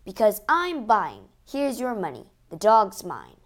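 Brief: woman putting on a forceful frontier hero, shouting down a bully, slow and deliberate. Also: high-pitched, huge pitch swings, heavily acted. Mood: commanding. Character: bold, righteous male stranger, mining expert.

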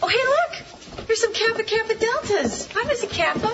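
An actress playing a bubbly, excitable young woman in a sitcom clip. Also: extremely high pitch, moderate pace, exaggerated voice. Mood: chatty. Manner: lively, excitable. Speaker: sitcom character. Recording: muffled TV clip with loud background noise.

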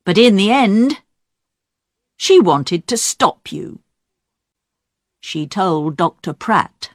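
A woman voicing a methodical male police inspector in an audiobook, deliberate and accusing. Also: mid-range voice, lively intonation, no echo, clean studio sound.

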